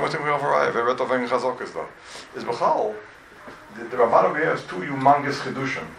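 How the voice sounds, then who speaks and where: A man teaching a Talmud class, animated and full of rhetorical questions, recorded from a distance in an echoey room. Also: medium pitch, gravelly, a little hiss or hum. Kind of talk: lively Talmud class lecture.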